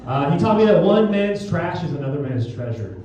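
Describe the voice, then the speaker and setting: Filmed on a phone from far back in the audience, a young stand-up comedian performs a crude, self-mocking set on a small theatre stage as the crowd laughs. His voice is warm, on the high side, and a little fast with big pitch swings. The theatre sounds echoey and the highs are cut off.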